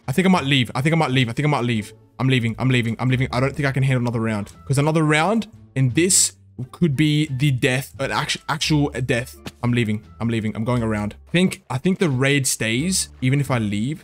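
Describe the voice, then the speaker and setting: A young man giving excitable, panicky gameplay commentary as a video host, repeating himself and swearing. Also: mid-range voice, a little fast, soft background music.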